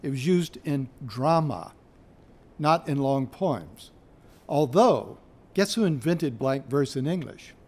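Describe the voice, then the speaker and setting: A man giving a university lecture on poetry, speaking in a measured way with pauses, sometimes searching for his place. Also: mid-range voice, animated, a little mellow, slightly rough. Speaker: literature lecturer.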